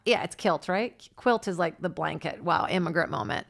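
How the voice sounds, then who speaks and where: A woman in her thirties, a stand-up comic hosting her own podcast, rambles through self-deprecating stories in a casual comedy monologue. She talks at a moderate pace with vocal fry, breaking into laughter as her pitch jumps around lively.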